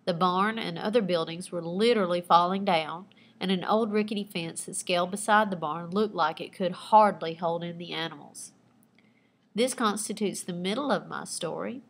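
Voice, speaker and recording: A woman teacher reading aloud her own personal narrative with lively expression, pausing to point out the writing techniques she used. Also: on the low side. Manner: expressive storytelling with asides pointing out figurative language.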